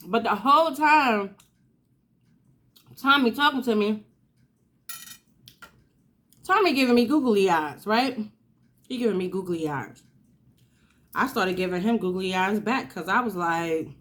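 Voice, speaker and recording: Slow-talking woman. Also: medium pitch, expressive, fairly bright tone. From New York. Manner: chatty, drawn-out storytelling with asides. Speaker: channel host. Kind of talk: casual storytime while eating.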